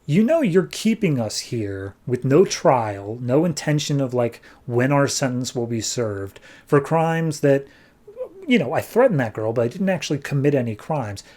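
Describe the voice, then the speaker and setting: A man's voice: mid-range voice, very animated, normal speed, a little mellow. A man voicing a captive cop who argues his case. He speaks close to his own voice in a reasoning, griping tone. It is part of a comic recap. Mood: complaining. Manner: complaining, reasoning. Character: imprisoned police officer, argumentative.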